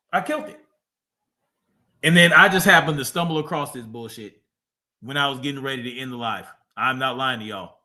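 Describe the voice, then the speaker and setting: A man's voice: fairly high pitch, pushed and bright. A man hosting a livestream, reacting to a clip with profane, mocking casual commentary. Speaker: livestream host.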